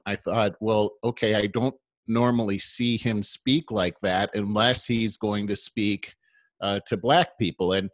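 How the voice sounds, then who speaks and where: Animated man telling stories, dry close mic. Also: on the low side, dry recording. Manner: animated storytelling, acts out quoted voices. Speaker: podcast co-host. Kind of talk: casual conversation.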